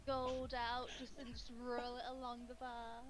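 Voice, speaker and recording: A woman's voice: fairly high pitch, completely flat delivery, unhurried, lightly acted. A woman voicing a flirtatious female adventurer who talks a bartender round with polite, coaxing persuasion.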